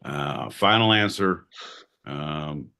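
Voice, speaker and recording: A man's voice: very deep voice, expressive, very slow, bright, forceful tone, pitched below the performer's own voice, exaggerated voice. A man doing a put-on Alabama accent as a folksy, dim good ol' boy.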